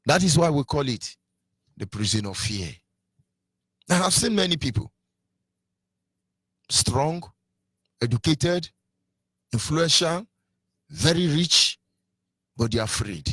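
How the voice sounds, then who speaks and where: A man's voice: a little high, animated, takes it slowly, long pauses, fairly bright tone, dry recording. A man with a Nigerian accent giving a fiery political sermon on radio, asking rhetorical questions and half-singing some phrases. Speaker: activist radio speaker.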